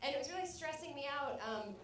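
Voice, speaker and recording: A young woman rambles through a stand-up set, mocking herself and breaking into loud acted outbursts. Her voice sits a little high. She is heard from a distance in an echoey club. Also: animated, fast, slight background noise. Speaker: stand-up comedian. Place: comedy club stage. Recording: echoey club recording from afar.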